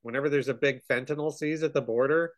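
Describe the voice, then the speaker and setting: A man's voice: medium pitch, steady tone, quick pace. A man in casual podcast chat, ranting with lots of swearing and trailing fillers.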